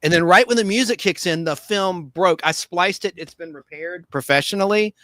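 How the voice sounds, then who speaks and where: A man in his forties, a podcast host, telling movie memories in casual chat, animated and acting out the people in his stories. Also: normal speed. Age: 40s. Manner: animated storyteller, acts out quotes in squeaky voices.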